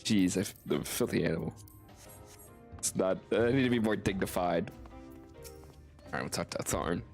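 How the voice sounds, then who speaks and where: A man's voice: low voice, moderate pace, darkish tone, soft background music. A man streaming a video game, chatting casually and playfully, laughing often and swearing freely. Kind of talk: casual gameplay commentary.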